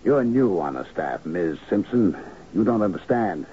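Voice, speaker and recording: Playing a scheming executive aide in a 1970s radio drama, a man delivers curt, brusque lectures built on analogies. His low voice is animated at a moderate pace, and the dull lo-fi broadcast recording carries a little hiss or hum.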